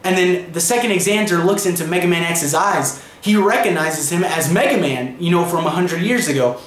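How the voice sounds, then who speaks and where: A young man recapping a comic book in a casual, chatty way, leaning on fillers as he goes. His voice sits high. The room around him gives a clear echo. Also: normal speed, fairly bright tone. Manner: chatty, filler-heavy retelling. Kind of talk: casual video review.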